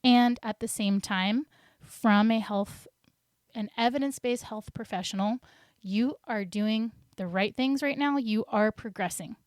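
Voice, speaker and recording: A woman's voice: on the high side, measured pace, dry recording. Upbeat woman health coach, dry sound. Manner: upbeat, encouraging, acts out clients' voices. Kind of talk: solo podcast monologue.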